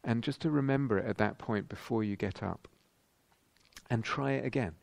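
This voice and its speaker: A man giving a thoughtful dharma talk as a meditation teacher at a retreat, pausing and restarting as he searches for words. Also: medium pitch, vocal fry, no room sound. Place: retreat centre meditation hall.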